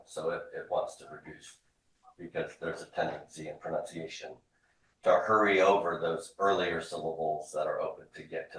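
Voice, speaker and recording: A man's voice: low voice, a little hiss or hum. A man teaching a classroom lesson, explaining patiently, often repeating words and drilling forms aloud for students to echo. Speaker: Hebrew instructor. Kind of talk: classroom lecture. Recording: echoey classroom from far off.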